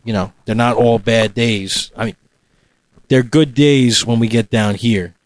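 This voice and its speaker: A man co-hosting a casual podcast, playful and teasing with quick questions. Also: mid-range voice, fairly even intonation, no room sound. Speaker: podcast co-host.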